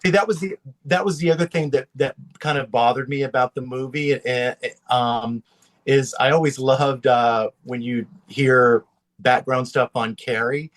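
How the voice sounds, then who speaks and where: A man from Louisiana, a drag performer guesting on a podcast, chatting about a film in a rambling, animated way. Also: moderate pace. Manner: animated, rambling, with big pitch swings. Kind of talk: casual movie chat.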